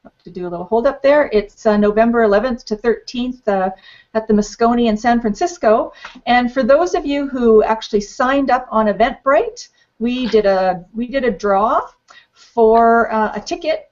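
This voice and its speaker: A woman's voice: fairly high pitch, normal speed, darkish tone. Bubbly woman hosting a live web panel. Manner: bubbly, playful, many fillers. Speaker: host. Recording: dull lo-fi web stream audio.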